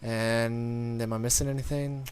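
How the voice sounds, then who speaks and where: A man's voice: mid-range voice, little pitch movement, a little slow, a little hiss or hum. A man giving casual gameplay commentary, rambling and informal, talking straight to his viewers. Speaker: gaming commentator.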